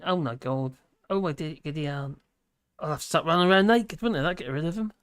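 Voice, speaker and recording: A man's voice: fairly high pitch, animated, moderate pace, long pauses, fairly bright tone. A man from the UK hosting a live stream, chatting in a rambling way and reading viewer comments, tired and often laughing. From United Kingdom.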